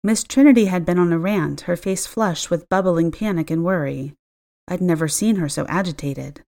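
Expressive woman narrating a story. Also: on the low side, moderate pace, gravelly. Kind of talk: first-person audiobook narration.

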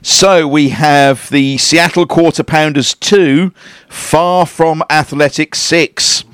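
A man hosting a relaxed sofa chat show, his delivery jokey. He reads lists out with relish and keeps the talk moving. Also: on the high side, takes it slowly, clear, resonant tone, dry recording. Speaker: host.

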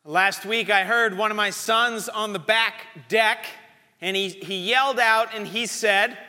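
A man preaching a sermon as pastor, telling a lively story. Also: high voice, measured pace. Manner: storytelling, animated. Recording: reverberant church hall.

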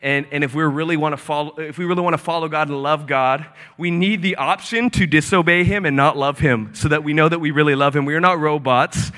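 High, bright energetic male preacher. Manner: energetic, animated, breaks into shouts. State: out of breath. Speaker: pastor. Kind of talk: sermon. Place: church. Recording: echoey church hall.

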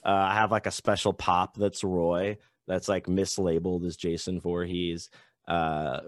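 A man talking as a guest author in a casual podcast chat, loose and animated, swearing and saying "like" a lot. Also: sits low, a little slow, no room sound, clean studio sound.

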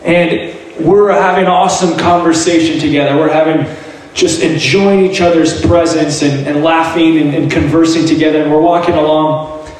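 A man sharing a personal faith testimony in an earnest, halting way, often restarting his words. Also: on the high side, fairly even intonation, darkish tone. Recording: very echoey room, heard from a distance, light noise.

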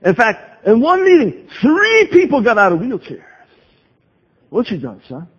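A man's voice: very high voice, huge pitch swings, measured pace, slightly rough, full character voice. A man voicing a boastful male Texas evangelist with a folksy Southern US accent, heard in a dull recording with a long hall reverb. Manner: bragging, folksy.

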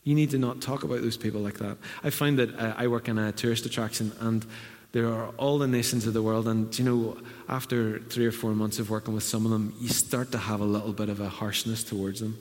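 A man's voice: fairly low pitch, flat delivery, fairly quick. A middle-aged man preaching a conversational sermon in a church, now and then acting out quotes in a raised voice. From Northern Ireland. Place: church hall. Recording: reverberant church hall.

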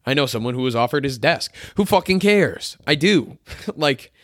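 A hoarse young man hosting a solo podcast from his bedroom, ranting in a frustrated, profane way and mocking others in put-on voices. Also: mid-range voice, animated, normal speed, no echo, studio quality. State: sick and tired, hoarse.

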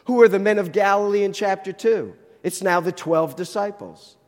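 A man's voice: high-pitched, moderate pace, big-room sound. A man with a New Jersey accent teaching a sermon, explaining the text and posing rhetorical questions. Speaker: Bible teacher.

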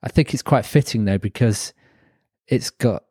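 A man's voice: medium pitch, moderate pace, mellow, slightly rough, dry recording, studio quality. A man co-hosting a casual podcast chat, chatty and reflective, laughing often. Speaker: podcast co-host.

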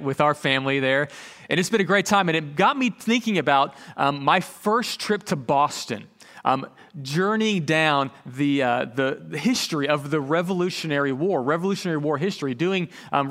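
A man's voice: on the high side, fairly bright tone. Earnest man preaching. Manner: earnest, conversational preaching with frequent fillers. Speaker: pastor. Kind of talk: sermon.

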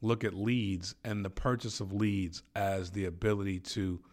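A man with a low voice speaks at a measured pace in a steady tone. He's a sales trainer interviewing a guest in a casual conversation, easygoing and enthusiastic, heaping on praise.

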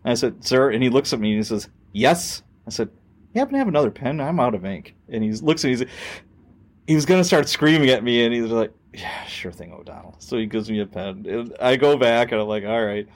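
A middle-aged man tells a story from his days on the police force in a relaxed podcast chat. His voice sits at an ordinary pitch, and he jumps into the quoted voices as he goes, with the odd swear word thrown in. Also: brisk. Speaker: podcast host, former police officer.

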